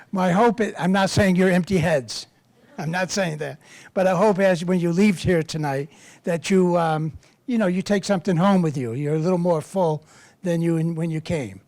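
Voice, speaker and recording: An older man, a priest and campus minister, tells humorous, self-deprecating stories to a live audience in a rambling way. His voice is high-pitched with a darkish tone at a moderate pace, and the recording is dry.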